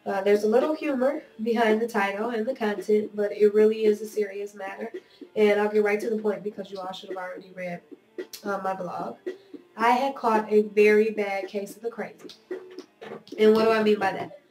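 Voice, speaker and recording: A woman's voice: medium pitch, fairly even intonation, normal speed, a little mellow. A woman with a nasal voice from a cold, talking earnestly and candidly to her viewers in a personal video blog. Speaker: video blogger. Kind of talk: personal vlog monologue. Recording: roomy echo, voice a bit off-mic.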